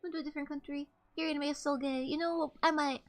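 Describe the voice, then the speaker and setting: Young female streamer, high pitch, rambling and candid, casual chat, faint music bed. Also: steady tone, quick pace. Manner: rambling, candid storytelling with swearing. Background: faint background music.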